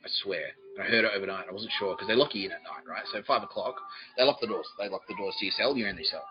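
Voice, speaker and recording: A lower-voiced man runs a loose comic monologue on his podcast, swearing freely and laughing at his own story while he mimics other people's lines. The sound is dull and lo-fi, with faint music underneath. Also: wildly swooping pitch, racing. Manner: profane, laughs often, mimics others in quoted asides. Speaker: podcast host.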